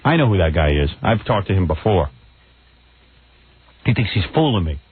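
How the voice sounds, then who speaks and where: Brash radio host trading insults. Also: male voice, low voice, sing-song, moderate pace, slightly rough, no echo. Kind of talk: morning radio talk show. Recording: phone-like radio broadcast audio.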